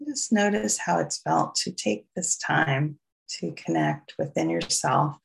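In a gravelly, medium-pitched voice with a New York accent, a meditation teacher guides a slow, soothing loving-kindness meditation and softly invites listeners in. There's slight background noise.

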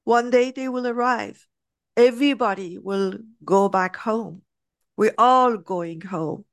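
A woman's voice: medium pitch, slow, no room sound, clean studio sound. A woman teaching a spiritual class, talking emphatically and acting out examples in different voices. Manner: animated, emphatic, acts out examples.

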